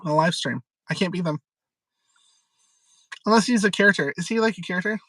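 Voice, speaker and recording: A man hosting a live stream, rambling and giggling. His voice is bright and forward. The recording is close and dry. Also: sits high, a little fast, no room sound, low-quality recording. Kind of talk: casual live-stream chat.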